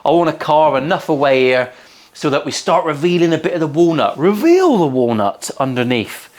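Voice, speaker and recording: A cheeky man with a West Country English accent talks through a guitar build in his workshop. He jokes around and swears freely in easy banter. His voice sits a little higher than most men's. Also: very animated, moderate pace, a little mellow. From England. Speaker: guitar maker hosting a workshop build vlog. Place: home workshop.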